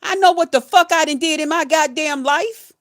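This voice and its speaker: A woman's voice: sits high, normal speed. A woman who works as a nurse, ranting to her viewers in a heated, emphatic way, cussing and hurling insults throughout. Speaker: nurse and vlogger. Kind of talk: angry profane rant to camera.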